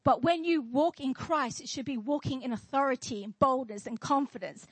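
Woman pastor preaching, high voice, dry close sound, lots of questions to the congregation. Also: moderate pace, breathy edge, no echo, rough recording. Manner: declaring, rhetorical questions to the congregation. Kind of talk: sermon. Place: church.

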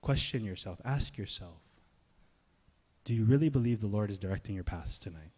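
A male pastor preaching a sermon in a casual, conversational way, swinging between loud emphasis and soft, hushed asides. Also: on the low side, expressive, normal speed, slightly rough. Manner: casual, conversational phrasing with slang.

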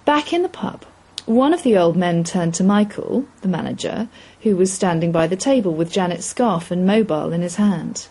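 A woman reading a short story aloud in an expressive, measured storytelling voice. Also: lowish voice, breathy edge, poor audio. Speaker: reader. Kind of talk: scripted story narration.

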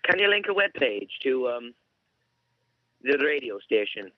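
A man's voice: mid-range voice, big pitch swings, unhurried, no room sound. A man phoning in to a radio show, joking around and putting on changing fake accents. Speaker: caller. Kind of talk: casual phone-in chat. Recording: dull phone line.

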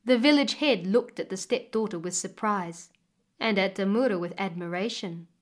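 A woman storyteller reading a folk tale aloud in a measured, expressive way. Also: mid-range voice. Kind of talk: storytelling narration.

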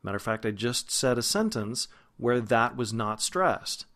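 A man who is a vocal coach, giving a pronunciation lesson and slowly demonstrating single sounds and words. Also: mid-range voice, expressive, a bit bright. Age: adult, past grad school.

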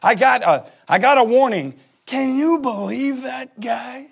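A man's voice: very high-pitched, animated, unhurried, vocal fry, breathy edge. A man in his forties, a pastor giving a humorous sermon and acting out little scenes as he laughs. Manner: joking storyteller who acts out voices and laughs.

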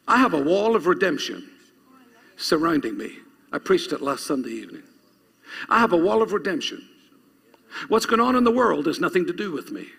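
High gravelly preacher in a reverberant hall. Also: male voice, big pitch swings, moderate pace, long pauses, a bit bright. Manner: preaching, urging congregation to repeat after him. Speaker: pastor. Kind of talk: sermon. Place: church. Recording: long reverb of a church hall.

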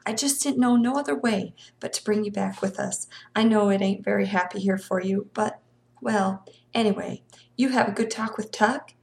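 A woman voicing a shy, motherly country woman who speaks softly and awkwardly in folksy speech. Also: medium pitch, normal speed, gravelly, close to an everyday voice. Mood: tender.

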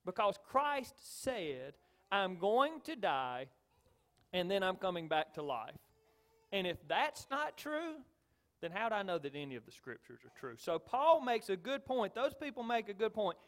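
A middle-aged pastor preaches a sermon, hammering his points with repeated phrases and alternating loud stresses with quiet asides. His voice sits high, and he's very animated while speaking a little slowly.

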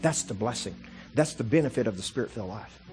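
A pastor preaches a sermon, telling stories conversationally, repeating "see" and restarting phrases as he builds to fervent, impassioned preaching. His fairly low voice has lively intonation and a slightly mellow quality, he talks fast, and soft music plays behind him.

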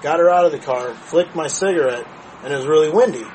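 A man in his thirties, a podcast co-host, telling a story in casual chat, profane and animated. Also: a little high, fast talker, a little hiss or hum, low-quality recording.

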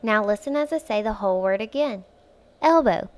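A woman hosting a phonics lesson for young children, speaking clearly and patiently, stretching words out syllable by syllable and encouraging the listener. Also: medium pitch, expressive, normal speed. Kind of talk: slow, clear instructional speech for young children.

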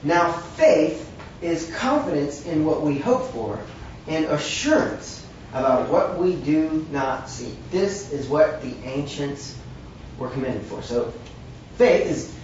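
Animated preacher, far off in an echoey hall. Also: medium pitch, slight background noise. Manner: emphatic and conversational, with wry asides. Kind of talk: sermon. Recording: very echoey, distant from the mic, dull.

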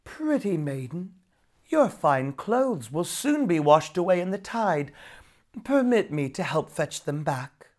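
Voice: mid-range voice, very animated, slow, darkish tone. A storyteller voicing a bold, cheerful young woodsman who declares and teases heartily in a storybook reading. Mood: hearty.

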